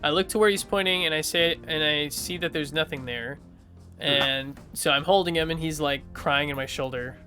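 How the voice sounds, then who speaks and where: An eager man plays his character in a tabletop game, his voice bright and forceful and a little high. He rambles and restarts a lot while faint music plays. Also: normal speed. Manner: eager, rambling with many likes. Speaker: player.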